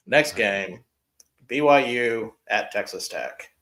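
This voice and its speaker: A man's voice: medium pitch, expressive, slow pace, a bit bright. A man hosting a casual sports show, reading out game spreads and odds with wry jokes. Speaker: podcast host reading game lines.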